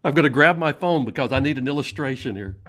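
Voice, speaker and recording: A middle-aged man with a Southern US accent tells sales stories in a relaxed interview. He laughs often and restarts his sentences as he talks. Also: mid-range voice, fast. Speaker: sales leadership coach and guest. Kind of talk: casual storytelling interview.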